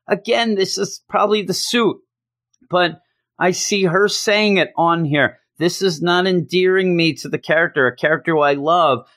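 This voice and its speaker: A man's voice: sits high, fairly bright tone, no room sound. Guy ranting thru a comic review, blunt, swears a bit, dry close sound. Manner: blunt, exasperated critique with casual swearing. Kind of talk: casual spoken review.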